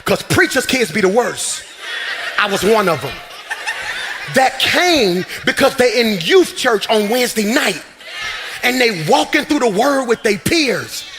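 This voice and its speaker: A man preaching a sermon as pastor in a church, shouting and swinging into sing-song runs. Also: sits high, slight background noise. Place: church sanctuary.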